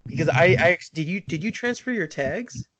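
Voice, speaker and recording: A man co-hosting a casual podcast, easygoing and chiming in with quick reactions, heard on a dull lo-fi mic. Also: on the high side, lively intonation, fairly bright tone, no echo. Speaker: podcast co-host.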